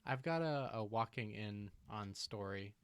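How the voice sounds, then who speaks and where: A man's voice: fairly low pitch, animated, unhurried, clear, resonant tone, dry recording. A man co-hosting a casual podcast, joking in a wry way and telling a story about a coworker. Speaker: podcast co-host.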